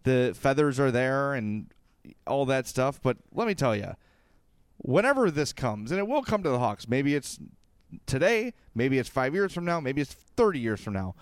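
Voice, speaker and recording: Emphatic man, smooth dry voice. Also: medium pitch, sing-song, moderate pace, no echo. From Illinois, USA. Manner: emphatic, repetitive, lectures the listener directly. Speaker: sports podcast co-host. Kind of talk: opinionated sports talk.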